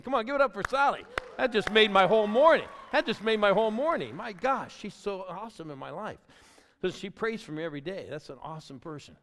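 An older man preaching a lively sermon with church stories, exuberantly calling on the congregation to cheer. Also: a little high. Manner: exuberant, calls on the crowd to applaud. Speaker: church planting pastor. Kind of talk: energetic sermon storytelling. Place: large church auditorium. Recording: long hall reverb.

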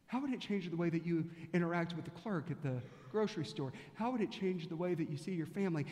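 A man with a fairly high voice preaches in a large church sanctuary, his words trailing into a long reverb. He tells stories and piles up rhetorical questions, slowing right down on the key words. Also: a little mellow. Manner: storytelling preacher, slows for emphasis, rhetorical questions. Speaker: pastor. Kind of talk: sermon.

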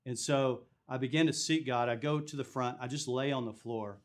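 A man's voice: mid-range voice, moderate pace, hardly any pauses. A man in a casual conversation earnestly recounting a personal faith experience. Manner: earnest storytelling, laughs while telling. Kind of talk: casual testimony chat.

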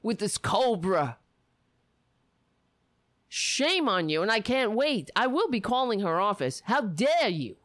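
A woman rants furiously about politics, cursing and dripping with sarcasm. Her pitch swoops up and down dramatically while she drags out her words slowly and deliberately. The recording is dry and close, with no room sound. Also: very animated, fairly bright tone, no room sound. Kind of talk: angry political rant.

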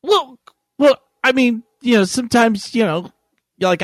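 Crude, lively-voiced woman co-host. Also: on the high side, moderate pace, no room sound, clean studio sound. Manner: crude, joking and irreverent. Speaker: podcast co-host. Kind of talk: casual crude podcast banter.

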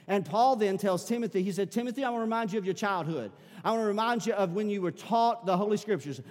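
A pastor with a high-sitting, slightly mellow voice preaches a sermon, building emphasis through repeated calls to his congregation. Long hall reverb surrounds the recording.

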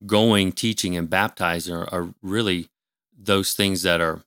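A man with a deep, gravelly voice explains scripture in a calm, measured way, pausing on fillers and restarting his phrases. He speaks close to a podcast mic in a dry, small studio room. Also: dry recording. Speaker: ministry leader and guest. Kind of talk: conversational teaching on scripture.

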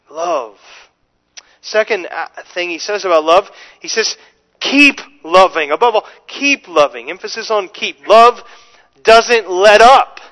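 High-voiced earnest male preacher. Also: a bit bright, low-quality recording. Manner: earnest, emphatic, repeats words when starting sentences; slows down to stress scripture phrases. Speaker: pastor. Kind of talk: sermon.

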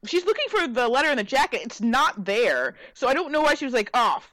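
Woman, podcast co-host, sarcastic show recap, animated pitch, higher voice. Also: fairly quick, no echo, low-quality recording. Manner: exasperated, sarcastic, lively. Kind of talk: casual recap chat.

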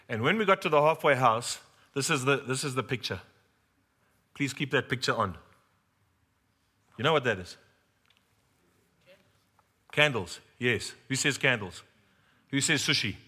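A man's voice: mid-range voice, pushed and bright, husky. A middle-aged man preaching a sermon, telling a humorous personal story and talking straight to the congregation.

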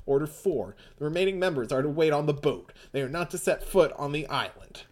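A secretive crime boss lays out his orders in a clipped, formal way, read aloud by a man with a slightly higher voice. Every line is measured and cool, and it sounds like a fan reading an anime scene for fun. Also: expressive, lightly acted. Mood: commanding. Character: cold secretive male gang boss giving orders.

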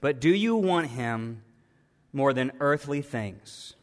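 A man's voice: medium pitch, animated, takes it slowly, long reverb tail. A man, a pastor, delivering an impassioned and emphatic sermon. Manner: impassioned preaching, pleading and emphatic.

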